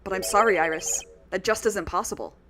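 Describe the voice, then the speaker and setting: A woman reading aloud the lines of an earnest young male defense attorney from a game, in a plain steady voice. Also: mid-range voice, fairly quick, very noisy, natural voice.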